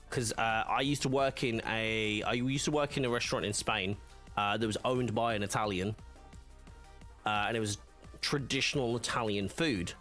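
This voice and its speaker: A livestream host with a medium-pitched, slightly bright voice chats casually with viewers and reads live chat. His rambling stories are packed with fillers, and he laughs often.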